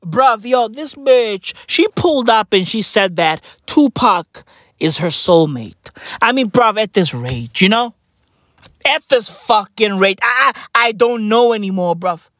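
Brief: male host, slow, deliberate rant, swears a lot, punches lines with shouts, dry close sound. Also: high-pitched, expressive, no room sound. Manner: profane, emphatic, bursts into shouting. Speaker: podcast host. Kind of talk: ranting solo commentary.

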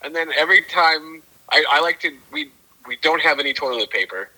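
A man's voice: a little high, fairly quick, sharp tone. A man calling in by telephone as podcast co-host, talking casually in a hesitant, stammering way with dry humor. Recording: tinny telephone line.

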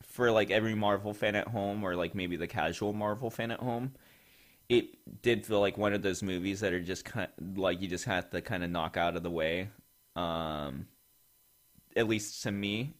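A man's voice: lowish voice, moderate pace. A man hosting a casual podcast, talking in a rambling way with many fillers. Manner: rambling, filler-heavy, laughs a lot. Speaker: podcast host.

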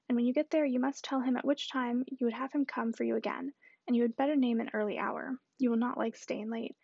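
A woman reading the lines of a fussy, anxious elderly gentleman who worries about his daughter. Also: on the high side, vocal fry, slightly rough, no room sound, muffled recording. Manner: fretful, soft-spoken.

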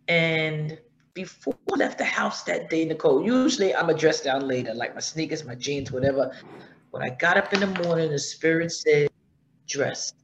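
A middle-aged woman tells her story in a casual chat, her voice gravelly with vocal fry. She acts out the voices she quotes, and the line sounds dull and lo-fi, with faint noise under it. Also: low voice, animated, normal speed. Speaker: guest.

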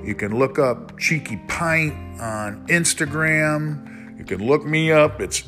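A man's voice: on the high side, takes it slowly, sharp tone, soft background music. A man hosting a casual solo podcast, rambling and frank, swearing when he gets worked up. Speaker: podcast host.

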